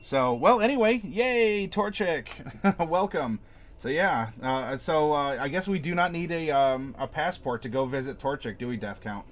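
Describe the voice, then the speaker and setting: A man's voice: on the high side, lively intonation, unhurried. A man hosting a live stream from his home desk, chatting casually with viewers and answering the chat aloud in a rambling way. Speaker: streamer host.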